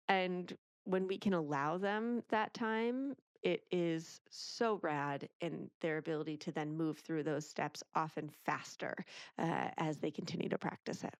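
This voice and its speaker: A woman in her thirties, a parenting author as a guest in a casual interview, talking in an animated way and acting out lines of parents and children. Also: low-pitched, measured pace, no echo, studio quality.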